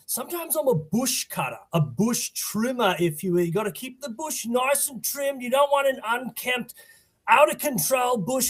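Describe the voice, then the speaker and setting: A man putting on a loud, rambling Australian accent to play a boisterous tree cutter. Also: sits high. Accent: put-on Australian.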